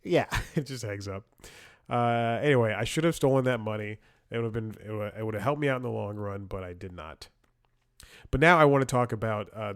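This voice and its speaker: A man hosting a comedy show, telling rambling stories with frequent chuckles and restarts, wry and blunt. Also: lowish voice. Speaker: comedy podcast host. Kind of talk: rambling comedic storytelling and commentary.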